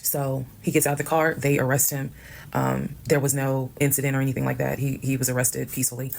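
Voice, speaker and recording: A woman telling a personal story in a casual storytime monologue, brisk and matter-of-fact, acting out the people she quotes. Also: very deep voice, flat delivery, vocal fry, darkish tone, a little hiss or hum. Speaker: storyteller recounting her own experience.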